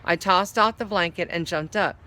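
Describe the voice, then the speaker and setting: Woman storyteller, slightly low and bright, reads aloud and explains words. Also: moderate pace. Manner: explains hard words while reading. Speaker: story reader.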